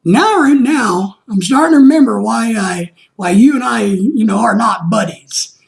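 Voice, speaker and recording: Gravelly, animated man telling a story. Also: high-pitched, unhurried. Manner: animated retelling of phone calls, exasperated. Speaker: vlog host. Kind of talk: casual storytelling vlog.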